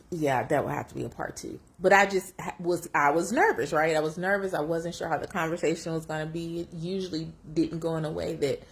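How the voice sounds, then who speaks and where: Tearful woman with a low voice. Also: gravelly. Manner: reflective, emotional, lively shifts in pitch when quoting herself. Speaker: vlogger sharing a personal story. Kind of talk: candid personal storytelling.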